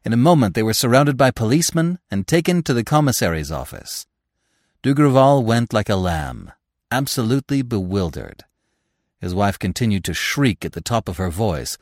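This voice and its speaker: Male narrator, classic-tale audiobook, highly animated delivery, dry close sound. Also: normal speed, dry recording. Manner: expressive, theatrical. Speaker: audiobook narrator, podcast host. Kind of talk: dramatic audiobook reading.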